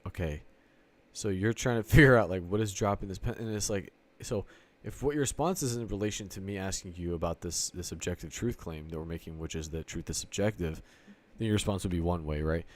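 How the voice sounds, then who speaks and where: A man's voice: sits low, brisk. A man from Sicily talking casually in an online chat, circling through a rambling argument and swearing freely as he acts out both sides of an imagined exchange.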